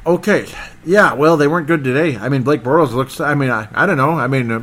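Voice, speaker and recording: A man hosting a casual solo football recap, rambling and excitable and often losing his train of thought. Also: medium pitch, brisk, background noise. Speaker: sports podcast host.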